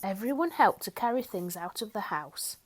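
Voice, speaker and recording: A woman with a medium-pitched voice reads a children's picture book aloud at a normal speed. Her storytelling is expressive and sing-song.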